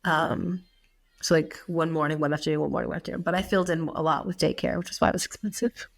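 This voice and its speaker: This deep, gravelly voice belongs to an American woman in her thirties who co-hosts a podcast. She speaks fast with fairly even intonation, chatting casually with many fillers and frequent laughs.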